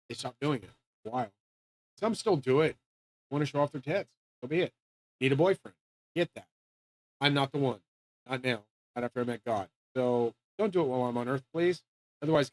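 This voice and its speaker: A man's voice: fairly high pitch, a bit bright. A man hosting his channel, ranting casually and profanely in an agitated way. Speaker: channel host. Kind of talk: casual rant to camera.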